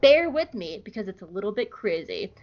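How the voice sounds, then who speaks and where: A woman's voice: mid-range voice, big pitch swings, brisk, a little mellow, lo-fi sound, faint music behind, lightly acted. A woman voicing an earnest teenage boy who leads the rebels.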